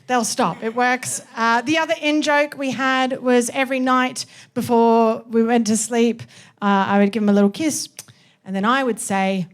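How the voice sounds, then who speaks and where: Bubbly high-voiced Australian woman doing stand-up. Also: normal speed. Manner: chatty, giggly, bursts of cheering. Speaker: stand-up comedian. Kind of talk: stand-up comedy set. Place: live theatre stage with audience.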